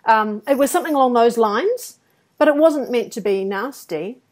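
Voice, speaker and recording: Co-hosting a podcast, a woman with a slightly high voice speaks at a moderate pace while recounting personal anecdotes in casual chat. She acts out the quotes with energy and laughs at her own expense.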